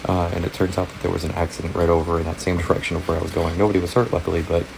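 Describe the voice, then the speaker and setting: A father telling a story about his daughter in a casual video, talking in a rapid, low, gravelly way. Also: flat delivery, noisy background.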